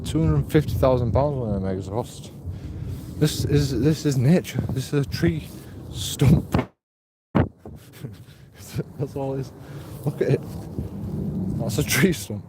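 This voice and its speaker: A man's voice: medium pitch, a little slow, pauses often, very noisy. A man, a streamer talking on a walk outdoors, blunt and rambling with lots of swearing. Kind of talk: casual walking vlog.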